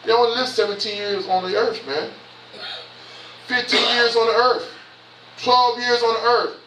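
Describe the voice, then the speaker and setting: A man's voice: very high-pitched, steady tone, moderate pace, background noise. Southern bishop in his 50s preaching hard, tons of questions, echoey church, far off. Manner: impassioned, repetitive preaching with rhetorical questions. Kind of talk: sermon. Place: church sanctuary.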